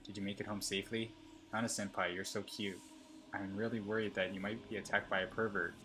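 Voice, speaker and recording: A man's voice: fairly low pitch, flat delivery, fairly quick, bright, forceful tone, a little hiss or hum. A man reading an obsessive schoolgirl stalker's texts. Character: clingy obsessive schoolgirl stalker texting her senpai.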